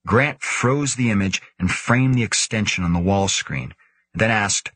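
A man narrating a science-fiction audiobook in a measured, steady way. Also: on the low side, slightly rough, no echo. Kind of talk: scripted narration.

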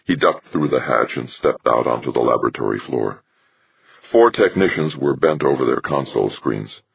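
A man narrating an audiobook in an extremely deep, gravelly voice with a husky edge. His delivery is steady and measured. The recording is dry and a bit muffled. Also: dry recording. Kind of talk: scripted narration.

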